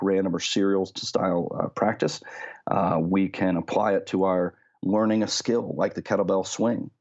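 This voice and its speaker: A man presenting a podcast segment on practice and movement, explaining in a measured way with frequent fillers. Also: low voice, a little mellow, lo-fi sound. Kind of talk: instructional talk.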